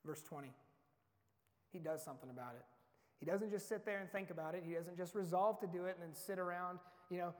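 A pastor delivers his sermon in a notably high voice for a man. He talks earnestly and conversationally, painting the story in vivid scenes. His words ring out with the long reverb of a large church sanctuary. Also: brisk.

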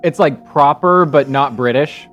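A man playing a tabletop game, chatting in a playful, animated way. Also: a little high, a little slow, dull audio, faint music behind. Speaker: player. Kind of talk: casual tabletop play.

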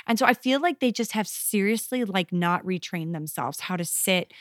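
A middle-aged woman co-hosting a chat podcast, telling stories in an animated way and acting out the scenes. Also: medium pitch, normal speed, dry recording, studio quality. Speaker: podcast co-host. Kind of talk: casual chat.

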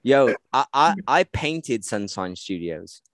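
A man's voice: mid-range voice, big pitch swings, slow pace, no echo, clean studio sound. A man of thirty-one hosting a podcast, chatting in a slangy, joking way with his guest. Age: 30s. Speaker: podcast host. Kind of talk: casual interview chat.

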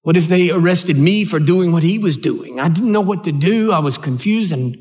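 An older man with an American accent, preaching a sermon and telling a personal story in an earnest, halting way, often restarting his words. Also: on the high side, darkish tone. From United States. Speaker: pastor.

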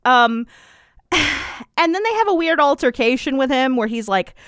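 A woman's voice: high-pitched, animated, moderate pace, a bit bright, smooth, dry recording, studio quality. A young adult woman hosting a podcast, chatting casually and animatedly with lots of fillers and laughs. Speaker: podcast host. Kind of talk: casual chat.

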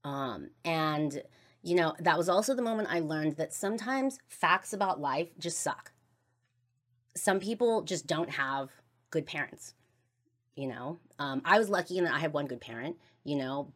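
A woman hosting a podcast, telling a personal story in a blunt, casual way, full of swearing and fillers. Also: low voice. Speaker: podcast host.

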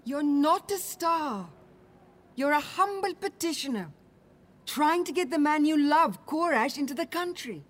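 An actress playing a sharp-tongued, worldly friend who talks in a dry, teasing, brisk way. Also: female voice, high voice, lively intonation. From India.

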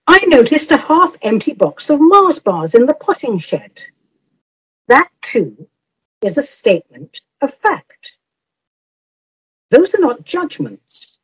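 A woman's voice: high-pitched, very animated, slow, pauses often, fairly bright tone, poor audio. A woman hosting an advice podcast, answering listener letters in a playful, teasing way and laughing often.

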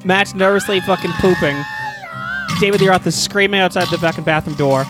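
A man's voice: high-pitched, fairly quick, over music. A man improvising a comic story, profane and laughing as he rambles.

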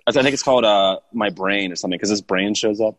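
A young man chatting casually, relaxed and rambling, chuckling now and then. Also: fairly low pitch, fast, rough recording. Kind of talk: casual chat.

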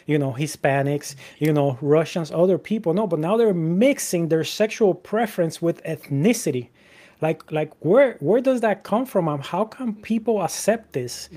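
A man's voice: on the high side, mellow. A man in casual Christian discussion, reading Bible verses aloud and talking conversationally with lots of "you know" and restarts.

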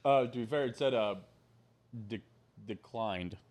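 A man's voice: medium pitch, a little slow, a little mellow. A man co-hosting a casual food podcast, offhand and mumbling, with the odd swear. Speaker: podcast co-host. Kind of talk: casual chat.

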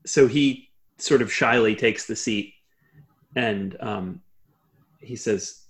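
A man's voice: on the low side, slow pace, long pauses. Man running a tabletop game. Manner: relaxed, conversational narration. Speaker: game master.

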